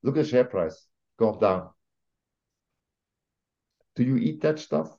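A man from Switzerland, speaking as a guest on an interview podcast in an emphatic, opinionated way, often pausing with fillers and restarting sentences. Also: medium pitch, lively intonation, gravelly. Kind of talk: conversational interview. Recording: slightly dull lo-fi audio.

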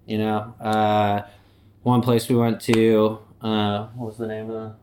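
A man's voice: fairly low pitch, completely flat delivery, a little slow, a little mellow, a little hiss or hum, close to an everyday voice. A man playing cocky Human Error. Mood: swaggering. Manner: swaggering, boastful, laid-back. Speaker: company anti-mascot guest. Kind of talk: in-character comedic interview.

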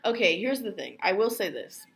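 A woman's voice: mid-range voice, big pitch swings, normal speed, vocal fry. A young woman co-hosting a podcast, blunt and sardonic in casual opinionated chat, with lots of "like". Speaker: podcast co-host.

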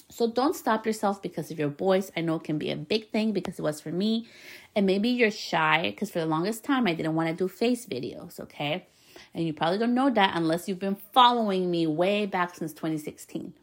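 A woman's voice: medium pitch, fairly quick. A woman hosting a podcast, giving casual, upbeat business tips to hairstylists with lots of fillers and the odd swear word. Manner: chatty, upbeat, frequent fillers and mild swearing. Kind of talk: casual advice talk.

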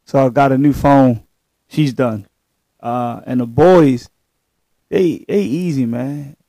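A middle-aged man in casual chat with friends, telling stories in a relaxed way and laughing often. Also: mid-range voice, slow pace, no echo. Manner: laid-back storyteller, laughs often, trails off.

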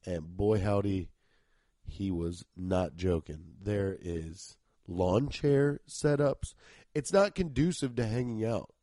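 A man in his thirties from Cincinnati, hosting a podcast, rambling profanely and excitably in a casual comedic monologue while congested and sniffly from allergies. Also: on the low side, takes it slowly, dry recording. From Cincinnati, Ohio. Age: 30s. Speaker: podcast host.

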